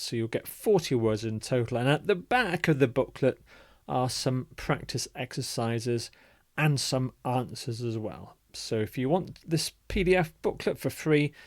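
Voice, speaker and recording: A man teaching an English vocabulary lesson, speaking slowly and repeating words with careful, emphatic pronunciation. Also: medium pitch, darkish tone, no echo, clean studio sound.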